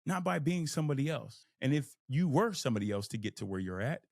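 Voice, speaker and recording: A young man from Texas, hosting a podcast and giving an emphatic, animated motivational talk. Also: medium pitch, fast, creaky, dry recording, studio quality. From Fort Worth, Texas. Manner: animated, emphatic, acts out inner voices. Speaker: podcast host. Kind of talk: motivational monologue.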